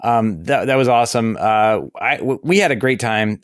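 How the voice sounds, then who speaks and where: A man hosting a casual podcast chat, his voice still hoarse and recovering, who rambles with many restarts and laughs often from his home desk. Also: medium pitch, normal speed, no room sound, studio quality. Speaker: podcast host.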